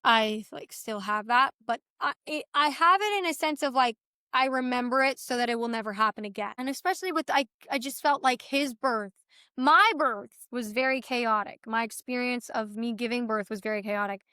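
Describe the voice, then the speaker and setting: A young woman guest telling her story in a casual chat, animated and full of fillers, acting out what others said. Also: on the high side, moderate pace, clean tone, dry recording, clean studio sound. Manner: animated retelling, acts out others' dialogue; filler-heavy, restarts often. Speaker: podcast guest.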